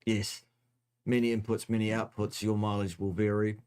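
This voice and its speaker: A man with a fairly low voice hosting a loose question-and-answer session. He teases his co-host and answers in a dry, joking way. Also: level tone, moderate pace, a little mellow, clean tone. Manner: dry, teasing, jokey. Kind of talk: casual livestream chat.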